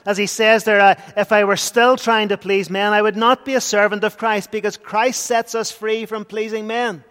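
A man preaches with a notably high voice, earnest and rising into emphatic bursts. His words ring out with a long church reverb trailing behind. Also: level tone, moderate pace, a bit bright, clean tone. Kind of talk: sermon.

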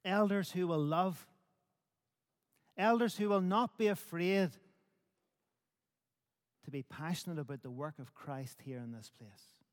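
A man preaching a sermon in measured, emphatic phrases built on repetition. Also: on the high side, long reverb tail. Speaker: pastor.

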